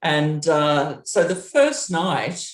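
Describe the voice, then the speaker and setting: Speaking extremely slowly, a middle-aged woman who once worked as a touring roadie shares a story in an interview. The sound is roomy, and she stays lively, laughing and acting out dialogue with large pitch jumps.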